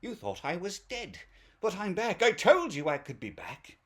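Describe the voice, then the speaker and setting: Man putting on eccentric movie scientist, vengeful, raised pitch, theatrical. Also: wildly swooping pitch, normal speed, fairly bright tone, full character voice. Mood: menacing.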